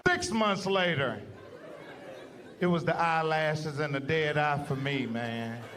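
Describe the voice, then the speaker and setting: A man in his older years doing a stand-up comedy routine, telling crude stories in a loud, animated way. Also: on the high side, slow pace. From United States. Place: comedy club stage with a laughing audience. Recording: live stage in a large hall, loud crowd noise.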